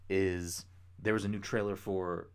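A young man co-hosting a podcast, chatting casually, rambling with excitement and swearing freely. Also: sits low, unhurried, clear, resonant tone. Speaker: podcast co-host. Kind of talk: casual chat.

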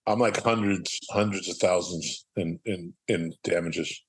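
A man's voice: low-pitched, a little slow, slightly rough, low-quality recording. A middle-aged man from Southern California, a podcast guest, telling rambling, profane anecdotes and acting out the quotes. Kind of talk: casual storytelling.

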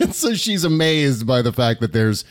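A middle-aged man hosting a casual podcast, teasing and quick with a crude joke. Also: mid-range voice, big pitch swings, faint music behind. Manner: teasing, quick-witted, jokey. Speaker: podcast host.

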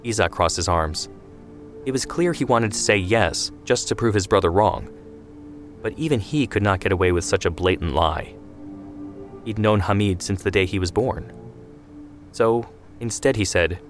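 Measured male storyteller, lower register, soft music underneath. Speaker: narrator. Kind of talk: scripted narration.

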